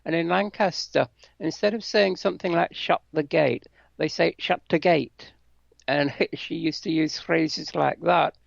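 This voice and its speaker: An older man from England, a guest telling his life story in a thoughtful, soft-spoken way over a dull lo-fi line. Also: a little high, fairly even intonation, unhurried, gravelly, few pauses, no room sound. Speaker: interview guest. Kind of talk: interview.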